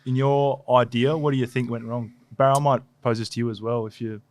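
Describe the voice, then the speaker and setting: A man's voice: medium pitch, fairly even intonation, a little fast, a little mellow, no echo. A young Australian man co-hosting a casual sports podcast, telling stories in a laid-back, rambling way. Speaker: podcast co-host and footballer. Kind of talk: casual chat.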